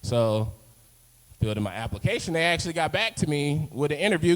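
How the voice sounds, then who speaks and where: A man's voice: fairly high pitch, lively intonation, moderate pace, a bit bright, big-room sound, poor audio. A young man from Chicago's South Side doing a loose, rambling stand-up set at an open mic, full of fillers and chuckling at his own jokes. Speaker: stand-up comic. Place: open-mic stage in an arts space.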